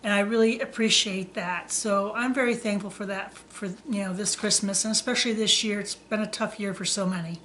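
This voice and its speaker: A woman's voice: medium pitch, steady tone, fairly quick, few pauses, a bit bright, slight background noise. A woman who hosts a cooking channel, thanking her viewers and then reading a Christmas story aloud.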